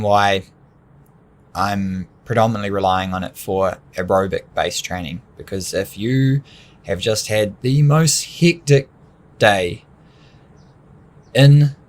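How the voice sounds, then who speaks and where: A man with a lowish voice talks through training ideas on a podcast. He explains in long, loose, animated runs and often laughs mid-thought. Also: takes it slowly, long pauses. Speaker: podcast co-host. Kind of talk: casual coaching chat.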